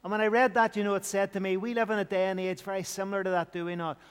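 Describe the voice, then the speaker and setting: A man's voice: high voice, flat delivery, very fast, clear, resonant tone, in a large hall. A man preaching an evening sermon in an earnest, repetitive style, building emphasis as he goes.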